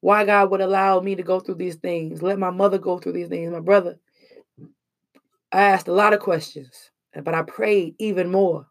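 A woman's voice: on the low side, fairly even intonation, normal speed. A young woman speaking in an earnest, emphatic monologue, casual and slangy as she shares hard-won lessons. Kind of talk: emotional personal monologue.

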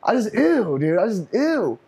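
A man's voice: high-pitched, very animated, measured pace, creaky, warm tone, breathy edge. A man co-hosting a comedy podcast, swearing constantly and acting out customers and coworkers in silly voices. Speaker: podcast co-host. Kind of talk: crude comedic banter. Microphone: podcast mic.

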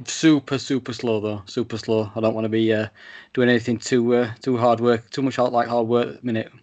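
A man's voice: mid-range voice, little pitch movement, a little fast, darkish tone, dull audio. A man co-hosting a podcast, talking in a hesitant, rambling way with many restarts. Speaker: podcast co-host. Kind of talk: casual podcast chat.

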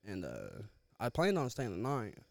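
A man's voice: lowish voice, huge pitch swings, moderate pace, gravelly, darkish tone, dry recording. A young man telling a rambling, profane story in casual chat, slangy and loose. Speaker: podcast co-host.

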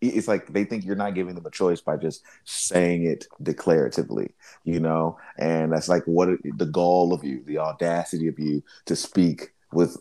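A young man chatting casually with friends on a podcast, rambling and animated, with lots of fillers. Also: low-pitched, normal speed. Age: young adult. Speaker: podcast co-host. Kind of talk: casual chat among friends.

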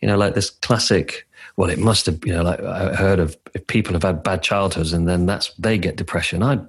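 A middle-aged man with a very deep voice and a husky edge. He speaks candidly and with feeling, sometimes laughing at himself as he tells a personal story in conversation. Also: a little fast. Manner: candid, emotional, self-deprecating. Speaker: coach.

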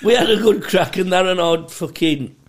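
A man's voice: high-pitched, moderate pace. A man co-hosting a podcast, telling sweary stories in casual chat and laughing often. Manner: sweary storytelling, laughs a lot. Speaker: podcast co-host.

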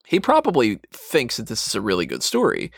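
A man talking casually as a podcast co-host, animated and rambling, with mocking asides. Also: on the low side, fairly quick, gravelly, breathy edge, no room sound, studio quality. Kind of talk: casual wrestling chat.

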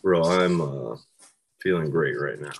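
A hoarse man in his thirties, co-hosting a podcast and rambling in casual chat with plenty of filler words. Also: unhurried, a little hiss or hum. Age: 30s. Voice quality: low, husky voice. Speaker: podcast co-host.

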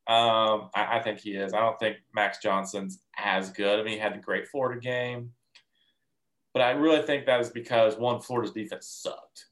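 A man's voice: fairly low pitch, steady tone, moderate pace, a bit bright. A man co-hosting a sports podcast in casual chat, stating firm picks and sometimes restarting his sentences.

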